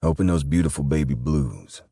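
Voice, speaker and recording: Male narrator as a teasing baritone lover, dark and husky, soft drawl. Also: animated, normal speed, no echo, studio quality, full character voice. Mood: hushed teasing. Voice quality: whiskey-rough baritone. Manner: teasing, gentle. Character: deep-voiced man with a hushed, teasing drawl.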